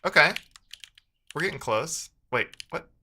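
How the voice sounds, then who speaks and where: A man's voice: a little high, lively intonation, unhurried, pushed and bright, slight background noise. A man streaming live as a programmer, thinking aloud while he codes and chatting with viewers, muttering to himself with playful asides.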